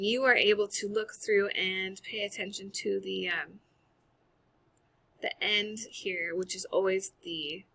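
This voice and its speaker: Bright-sounding woman teacher going over homework on a screen share, casual and chatty, computer mic. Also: mid-range voice. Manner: casual, upbeat, chatty with fillers. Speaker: high school English teacher. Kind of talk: recorded screen-share lesson walkthrough.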